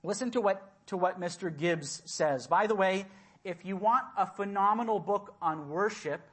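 A man delivers a sermon from a church pulpit. He speaks in a measured, deliberate way and returns to his key words again and again to drive them home. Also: sits high, a bit bright, husky. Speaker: preacher.

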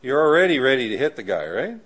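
Lively conversational male preacher. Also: quick pace. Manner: conversational, asks the audience "right?" often; acts out quoted people with sudden high voices. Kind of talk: sermon. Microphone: live audio of a church talk.

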